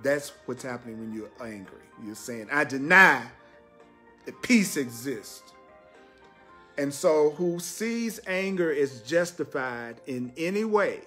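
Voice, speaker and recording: A man gives a spiritual teaching on a live stream, hammering his points home through repetition and laughing easily. His voice sits a little high for a man. Soft music plays faintly in the background. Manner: emphatic, repeats phrases, laughs often.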